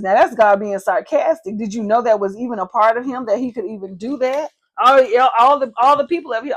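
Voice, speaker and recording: High-voiced woman reading scripture excitedly. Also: fairly quick, few pauses. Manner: animated, excited asides. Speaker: Bible reader.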